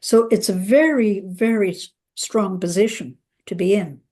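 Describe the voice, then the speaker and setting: A woman therapist recounting a client's story in a relaxed conversational way, acting out the quoted voices with lively emphasis. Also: mid-range voice, measured pace.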